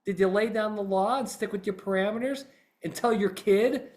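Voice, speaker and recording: A middle-aged man with a fairly high voice tells a personal story in podcast talk. He speaks in an animated way and turns often to imagined jurors as he makes his point. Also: moderate pace. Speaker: trial consultant. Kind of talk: podcast talk acting out a voir dire example.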